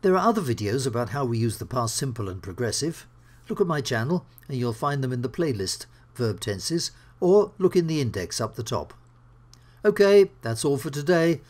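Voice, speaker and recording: A man teaching English grammar, explaining slowly and clearly with worked examples. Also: mid-range voice, very animated, a little mellow. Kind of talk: grammar lesson.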